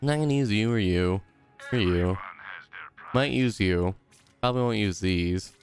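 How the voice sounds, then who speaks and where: A man's voice: moderate pace, faint music behind. Goofy young man narrating his gameplay. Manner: goofy, silly rambling with sudden high squeals. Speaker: gaming YouTuber. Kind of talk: let's play commentary.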